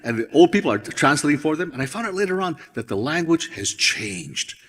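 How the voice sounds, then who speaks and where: Brief: male storyteller from Hawaii, husky, reflective and rambling, reverb of a large hall. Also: a little high, sing-song, a little fast, a bit bright. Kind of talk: storytelling talk on stage.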